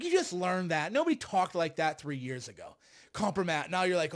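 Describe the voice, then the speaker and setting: A man's voice: fairly high pitch, big pitch swings, a little fast. A man giving political commentary on a livestream, talking in a heated, rambling and sarcastic way. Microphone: streaming setup.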